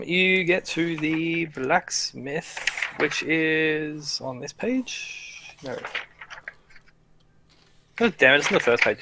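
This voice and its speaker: Guy running a d&d game, casual, lots of ums and restarts, bright voice. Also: fairly high pitch, a little hiss or hum. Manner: casual, many fillers and restarts. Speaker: game master. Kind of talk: narrating a tabletop game.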